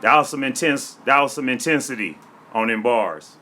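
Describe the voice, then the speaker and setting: Brash, profane man with a bright voice. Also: medium pitch, moderate pace. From Florida. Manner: brash, profane, streetwise slang. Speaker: comedian and rapper. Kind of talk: freestyle rap then casual storytelling. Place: home studio.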